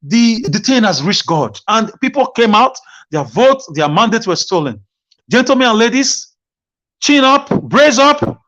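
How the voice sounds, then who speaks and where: A man's voice: sits high, big pitch swings, moderate pace, fairly bright tone, lo-fi sound. A man, calling in to a discussion. He speaks passionately and often repeats words as he starts a phrase. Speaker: caller. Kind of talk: call-in discussion.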